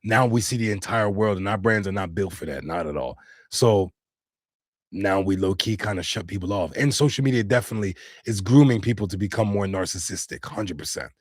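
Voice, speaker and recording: A man's voice: fairly low pitch, fairly quick, no echo, clean studio sound. A man live-streaming, talking earnestly and casually to his chat in slangy speech. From United States.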